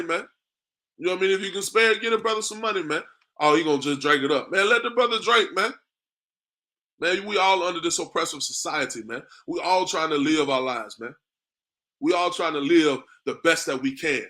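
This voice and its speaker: A man preaching on scripture, tagging lines with "man" and slowing to a drawn-out cadence when he reads verses. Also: on the high side, bright, forceful tone. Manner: conversational, repeats "man" and "you know what I mean". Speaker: street preacher. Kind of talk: street-corner preaching with scripture reading.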